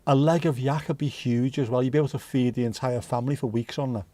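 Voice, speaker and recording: Fast-talking and dark-toned, this mid-range, steady voice belongs to a Scouse man hosting a livestream with no room sound. He rambles through viewer comments in a jokey, casual way, swearing freely.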